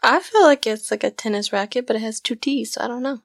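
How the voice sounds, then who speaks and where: Higher-voiced woman making hesitant guesses. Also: fast talker, creaky. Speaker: quiz player. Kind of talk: casual chat.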